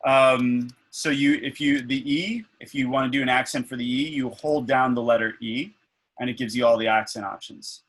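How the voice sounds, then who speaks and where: A man's voice: medium pitch, fairly even intonation, normal speed, a bit bright, low-quality recording. A man leading an online faculty workshop over a video call, thinking aloud with many fillers and restarts.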